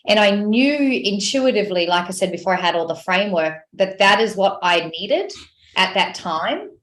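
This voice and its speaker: A woman guest coach on a podcast, telling stories in an animated, expressive way. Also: medium pitch, a little fast. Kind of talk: podcast interview. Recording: roomy echoey sound.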